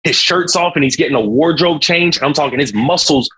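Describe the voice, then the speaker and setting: A young man, a singer, talking as a guest in a casual interview, telling a story in an animated, slangy way with sound effects. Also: fairly high pitch, a little fast, husky, low-quality recording.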